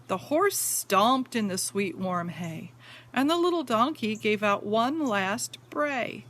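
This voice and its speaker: A woman's voice: fairly high pitch, lively intonation, a bit bright, a little hiss or hum. A woman teacher reading a picture book aloud to young students, stopping to point at pictures and ask the children questions. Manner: slow, sing-song, asks the children questions.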